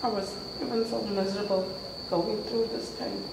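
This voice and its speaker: A woman's voice: mid-range voice, fairly even intonation, moderate pace, gravelly. Woman, earnest church testimony, hesitant, big echoey hall with a long ring. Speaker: congregant giving testimony. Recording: echoey hall, distant mic, cricket noise.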